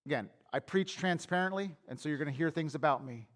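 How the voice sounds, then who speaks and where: In church, a pastor delivers a sermon in a conversational style, sharing candid stories from his own life. His voice sits a little high and moves fast, and when he gets worked up he repeats and restarts words as he builds toward a point.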